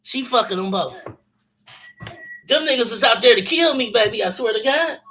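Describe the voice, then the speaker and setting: A man's voice: extremely high pitch, expressive, normal speed, pauses often, sharp tone, soft background music. A man telling a personal story casually, in blunt, profane street slang.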